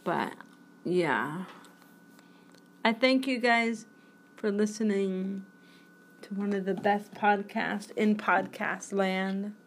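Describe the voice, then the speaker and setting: A woman in her forties hosts her own podcast, chatting solo in a goofy, rambling manner and hopping between topics. Her mid-range voice is slow and pauses often, with a little hiss or hum in the recording.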